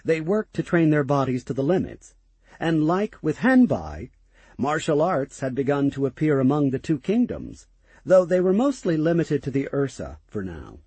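Husky, expressive male audiobook narrator. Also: medium pitch, no room sound. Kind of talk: first-person audiobook narration.

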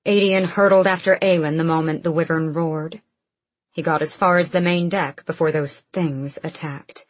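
A woman narrating a fantasy audiobook in a measured, steady storytelling manner. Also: low-pitched, no room sound.

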